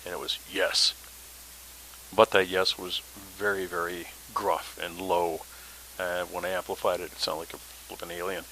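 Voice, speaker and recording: Deep guy telling his podcast story, loose and chatty, lots of uhs, punchy bright tone. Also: flat delivery, normal speed, slight background noise, poor audio. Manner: conversational, rambling with many fillers. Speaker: paranormal podcast host.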